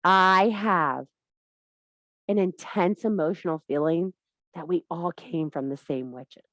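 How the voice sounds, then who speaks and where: A woman's voice: fairly low pitch, slow, a bit bright, dry recording. A woman hosting a workshop in a blunt, profane, theatrical way, often laughing. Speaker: workshop host. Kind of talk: fiery informal workshop talk.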